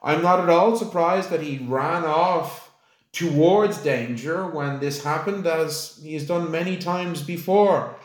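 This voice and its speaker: A man voicing a gracious fae high queen, speaking slowly and formally. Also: echoey room, poor audio. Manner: stately, slow and polite.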